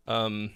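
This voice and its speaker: Male host, blunt casual critique, bright clear tone, slow delivery, throat keeps catching. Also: no echo, studio quality. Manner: blunt, frequent fillers and throat clearing, swears. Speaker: host giving song feedback.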